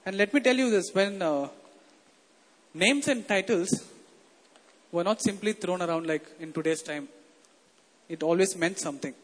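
A man's voice: sits high, moderate pace, pauses often. A man preaching a sermon in a conversational way, often putting questions to his congregation. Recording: long hall reverb.

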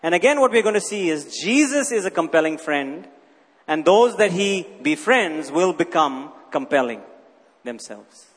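High-voiced preacher in a reverberant hall. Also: male voice, very animated, moderate pace, slightly rough. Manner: emphatic teaching, rhetorical questions, repeats key phrases. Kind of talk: sermon. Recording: long reverb of a large hall.

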